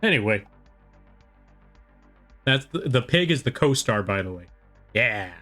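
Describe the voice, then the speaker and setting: A man's voice: mid-range voice, lively intonation, measured pace, pushed and bright, soft background music. A young American man chatting casually with his viewers during a live drawing stream, rambling and poking fun at himself. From United States. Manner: rambling, self-deprecating, chats with viewers. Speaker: art streamer.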